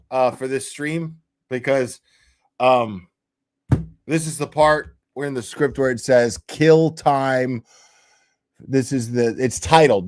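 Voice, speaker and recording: A man hosting a livestream, chatting casually in profane, rambling, jokey rants. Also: medium pitch. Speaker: livestream host.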